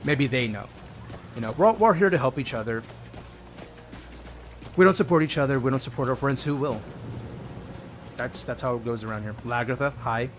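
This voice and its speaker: A man's voice: mid-range voice, normal speed, long pauses, a little hiss or hum. A man streaming a modded game, chatting casually with viewers and reading their chat messages aloud.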